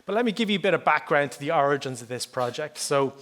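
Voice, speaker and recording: A middle-aged Irish man gives a conference talk in a conversational, chatty style, often adding "okay?" and "like, you know". His voice is fairly high and fairly bright, fast-paced with lively intonation.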